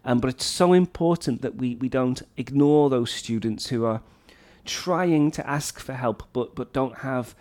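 A middle-aged male teacher from North Wales speaks in an even, mid-range voice. He talks through a blog post for other teachers in an earnest, explanatory way, and he often repeats phrases to drive a point home. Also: mid-range voice, measured pace. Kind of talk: educational talk reading and commenting on a blog post.

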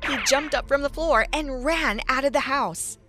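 A woman narrating a first-person story in a lively, animated way. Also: sits high, moderate pace, faint music behind.

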